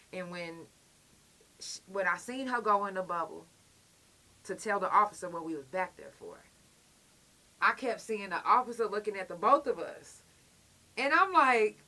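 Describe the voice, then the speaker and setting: A young woman tells a story casually and bluntly, full of profanity. She has a bright, ringing voice at middle pitch. She acts out the people she quotes with animation. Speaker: podcast host.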